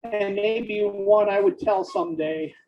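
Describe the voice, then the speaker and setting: A man dictating fiction aloud, speaking each punctuation mark in a slow, deliberate way. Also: sits high, lo-fi sound. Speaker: author dictating a novel.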